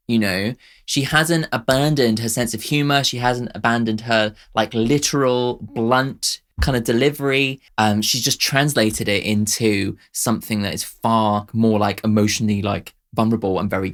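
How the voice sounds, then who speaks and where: A man's voice: mid-range voice, fairly bright tone. A man hosting a music reaction video, talking casually, rambling with lots of "like", laughing often and swearing freely.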